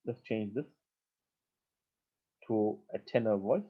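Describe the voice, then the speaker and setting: A man's voice: fairly low pitch, takes it slowly, breathy edge. A man teaches a live online coding lesson, explaining patiently step by step and often repeating himself. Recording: tinny phone-like audio.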